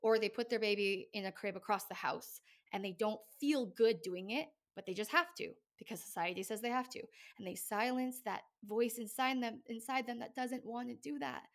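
High-voiced earnest woman host. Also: normal speed, few pauses. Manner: earnest, emphatic, builds points in rhythmic repetition. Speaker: podcast host. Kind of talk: casual interview chat.

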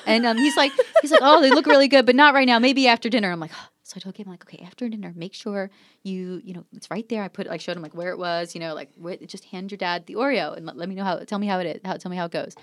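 A woman in her forties telling stories in a casual chat as a podcast guest, animated and acting out quotes with frequent laughter. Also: mid-range voice, fast, dry recording, studio quality. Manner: animated storyteller, acts out quotes, laughs often.

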